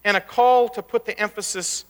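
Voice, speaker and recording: A man's voice: sits high, fairly even intonation, moderate pace. A male pastor preaching a sermon in a conversational, anecdotal way with folksy asides, speaking in a church sanctuary. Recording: long church hall reverb.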